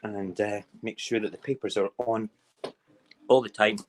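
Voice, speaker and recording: A man's voice: fairly low pitch, steady tone, normal speed. A man from Edinburgh with a Scottish accent, hosting a casual morning live stream and chatting while he cooks and eats. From Edinburgh, Scotland. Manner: rambling, chatty, talks while cooking and eating.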